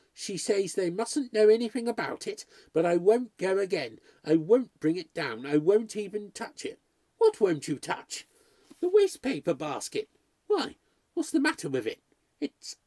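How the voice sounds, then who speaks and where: Nervous young housemaid, high and rushed, read by a male narrator. Wild pitch swings. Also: darkish tone, breathy edge, no room sound, studio quality, heavily acted. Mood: frightened. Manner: breathless, tumbling, high-strung.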